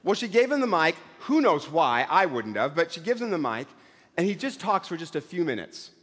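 Middle-aged male pastor, high voice, casual joking sermon, long hall echo. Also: very animated, a little fast, fairly bright tone, slightly rough. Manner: conversational, self-deprecating humor, acts out voices. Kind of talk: sermon with humorous asides.

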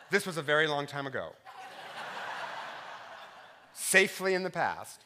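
A middle-aged man, a pastor, preaching a sermon full of personal stories, swinging from loud punchlines to soft, quiet reflection. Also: sits high, sing-song, normal speed, pauses often, a little hiss or hum. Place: church sanctuary.

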